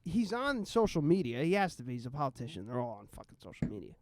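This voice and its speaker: A man's voice: fairly high pitch, very animated, fast, a little hiss or hum. A man co-hosting a comedy podcast in casual, profane chat, laughing often. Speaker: podcast co-host.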